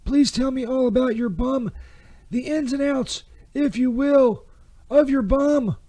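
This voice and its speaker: A squeaky-high, mellow-toned Saint Peter, put on by a man, fumbles through a crude comedy ad, restarting and second-guessing every take. He stammers and drifts into sarcasm. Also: measured pace. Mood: fumbling. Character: bumbling crude male Saint Peter doing ad takes. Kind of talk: comedy ad-read sketch.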